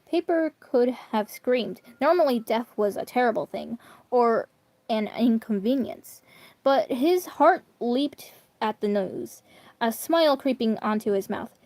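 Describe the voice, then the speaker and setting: A woman's voice: on the high side, lively intonation, a little slow, a little mellow, no room sound. A woman reading online fan fiction aloud in a casual, chatty way, often stumbling and correcting herself. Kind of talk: casual read-aloud with asides.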